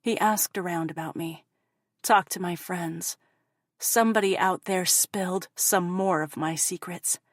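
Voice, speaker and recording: A woman's voice: fairly low pitch, fairly even intonation, measured pace, no echo, studio quality. A woman narrating an audiobook in the first person, with an intense, profane, confessional delivery.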